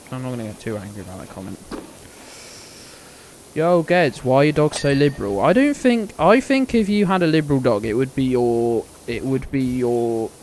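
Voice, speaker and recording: A man's voice: mid-range voice, slight background noise, poor audio. A man streaming a game, chatting casually to his viewers in a rambling, sweary, joking way.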